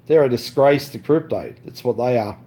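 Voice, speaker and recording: A man's voice: mid-range voice, normal speed, mellow. A man ranting on his live stream, boastful and profane, repeating himself and saying "mate" a lot, with frequent stumbling restarts.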